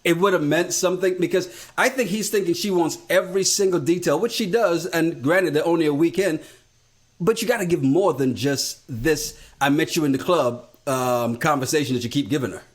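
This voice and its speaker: A man's voice: on the high side, brisk. An American man co-hosting a podcast, chatting casually, laughing often and acting out quotes. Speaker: podcast co-host. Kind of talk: casual recap chat.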